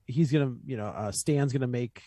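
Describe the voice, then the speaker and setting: Chatty male co-host talking through a movie, mid pitch, dry close-miked sound. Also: fairly quick, dark tone, dry recording. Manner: chatty, laughs along, thinks aloud. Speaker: podcast co-host. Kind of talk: casual film discussion.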